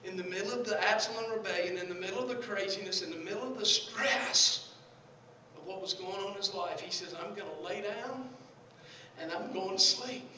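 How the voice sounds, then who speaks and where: A Southern US pastor preaching a sermon, swinging from shouted passages to soft hushed ones, recorded in a large church sanctuary from a distance. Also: male voice, sits high, fairly quick, a little hiss or hum. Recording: echoey church hall from far off.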